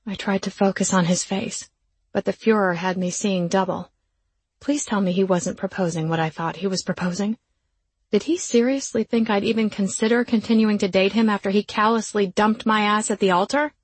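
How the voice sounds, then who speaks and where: A woman's voice: medium pitch, fairly even intonation, moderate pace, breathy edge, dry recording. A woman reading a first-person audiobook in a wry, sardonic storytelling manner. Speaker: audiobook narrator.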